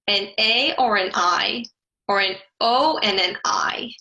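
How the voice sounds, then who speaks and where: Slow, bright-voiced woman teaching Spanish. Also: mid-range voice, poor audio. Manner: slow, careful explanations with spelled-out letters. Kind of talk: online grammar lesson.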